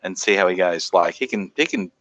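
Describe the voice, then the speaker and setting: A man, a guest on a livestream, talking in a halting way, repeating himself and swearing freely. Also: sits low, fairly bright tone, dry recording, muffled recording. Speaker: guest YouTuber. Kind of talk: casual livestream chat.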